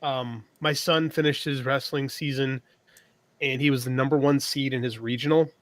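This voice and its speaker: A man's voice: mid-range voice, fairly even intonation, moderate pace, no echo. A man in his thirties co-hosting a podcast, telling a long personal story in casual chat and quoting himself often. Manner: storytelling, lots of "I'm like" quoting. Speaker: podcast co-host.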